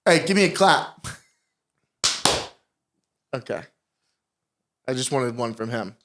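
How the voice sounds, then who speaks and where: A man's voice: medium pitch, lively intonation, takes it slowly, fairly bright tone, a little hiss or hum. A man co-hosting a podcast, joking and bantering in casual chat. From Connecticut, USA. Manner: joking, laid-back banter. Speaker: podcast co-host.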